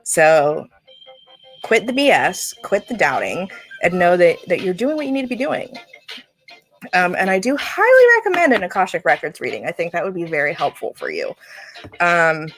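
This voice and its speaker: A woman's voice: on the low side, sing-song, moderate pace, fairly bright tone, soft background music. A woman giving a casual spiritual reading to a viewer on a livestream, chatty and laughing often, with lots of fillers and restarts. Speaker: psychic reader on a livestream. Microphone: livestream setup.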